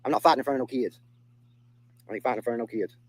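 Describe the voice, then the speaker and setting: A man's voice: mid-range voice, racing, a little hiss or hum, rough recording. A young man with a Southern US accent who streams live and reacts to his chat in a blunt, profane, casual way, often repeating himself. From Southern United States. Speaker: livestreamer reading chat.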